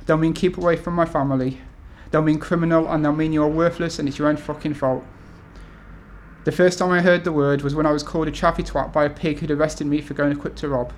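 Hesitant man in his thirties, slightly high voice. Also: flat delivery, fast talker. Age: 30s. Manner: hesitant, many ums and restarts. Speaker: author reading at a talk. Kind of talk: casual talk then reading aloud from his essays. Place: event room with an audience.

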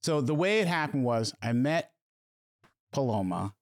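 A middle-aged man telling a story as a podcast guest, halting and repeating words as he goes. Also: medium pitch, very animated. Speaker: podcast guest, host's stepfather. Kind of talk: casual storytelling.

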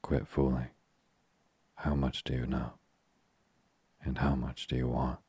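A man voicing a bullying, angry middle-aged businessman in a sleep-story reading, with a low, gruff manner. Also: monotone, takes it slowly, dark tone, no echo, exaggerated voice.

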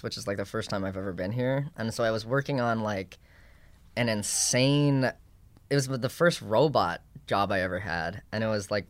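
A young man in his twenties, a podcast guest, talking casually in a halting way with many fillers and self-deprecating asides. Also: mid-range voice, no room sound. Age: 20s.

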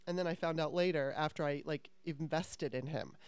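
A woman's voice: deep voice, moderate pace, a little mellow, clear, resonant tone, no echo. A woman in her fifties hosting a podcast, telling a story in casual chat with a candid, profane and rambling manner. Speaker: podcast host.

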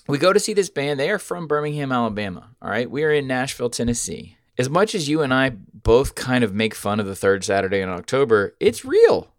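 A man hosting a podcast, telling a rambling, profane story with sudden loud outbursts. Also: medium pitch, fairly quick, hardly any pauses, no room sound, studio quality. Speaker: podcast host. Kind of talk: casual storytelling chat.

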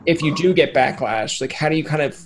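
A chatty male podcast host with a fairly high voice, rambling loosely through his questions and slipping into joking voices. A faint hiss of noise sits under the recording. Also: brisk. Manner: rambling, jokey, acts out imagined voices. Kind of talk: casual interview chat.

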